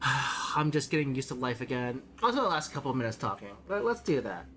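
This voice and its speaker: A man's voice: mid-range voice, lively intonation, a bit bright, a little hiss or hum. Casual male streamer, rambling and stumbling over words. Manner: rambling, halting with repeated words. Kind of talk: casual gaming stream chat.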